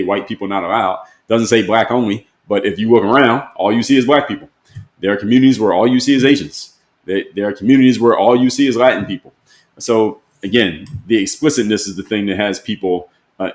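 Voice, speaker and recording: A man's voice: lowish voice, roomy sound. A man hosting a live-stream, talking plainly and pressing his point with repeated rhetorical questions. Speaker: host.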